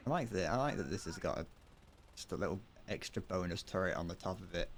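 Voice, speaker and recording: A man's voice: low-pitched, expressive, fast, slight background noise. A man streaming a game, chatting casually, rambling and joking with viewers and swearing freely. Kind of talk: casual gameplay commentary.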